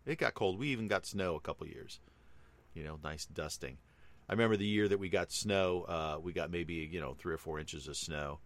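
A middle-aged man with a very low voice, chatting casually as a host. He rambles through a personal story, filling gaps with lots of ums and you-knows. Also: normal speed. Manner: rambling, with many fillers.

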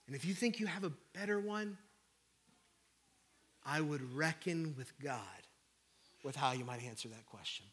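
A man with a high-pitched voice delivers a sermon from the pulpit. He stacks rhetorical questions in a rising rhythm, then sinks into soft, hushed passages. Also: animated, a little slow, pauses often, breathy edge. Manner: rhetorical repeated questions, swinging from loud to hushed. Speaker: pastor.

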